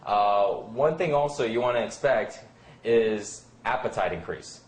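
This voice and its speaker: A man's voice: on the low side, lively intonation, a little slow. A man talking as a fitness coach in a casual advice chat, rambling with many fillers and acting out what friends might say. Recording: echoey room.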